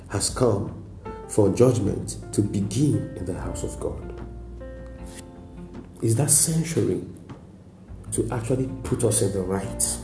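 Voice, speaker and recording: A Nigerian pastor with a voice on the low side preaches emphatically in an echoey room, speaking Nigerian English. He repeats lines and often adds "praise God."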